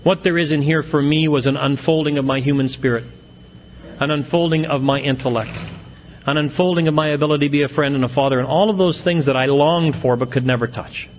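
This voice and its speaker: A man's voice: fairly high pitch, fairly even intonation, a little fast. Middle-aged man, AA speaker, folksy self-mocking storyteller, muffled lo-fi audio with faint hiss. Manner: folksy, self-mocking, punchy comic timing. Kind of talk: recovery talk with humorous storytelling.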